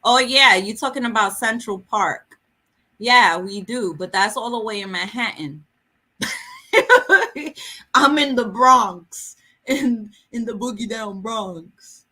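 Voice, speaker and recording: A woman's voice: on the high side, expressive, takes it slowly, sharp tone, husky. A woman hosting a book vlog, chatting casually and jokingly with viewers during a livestream. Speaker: book vlogger host. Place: home in a city.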